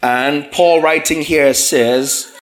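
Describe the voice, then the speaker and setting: A man's voice: a little high, takes it slowly. A man preaching a sermon, reading scripture verses aloud and explaining word meanings, often checking in with the congregation through questions.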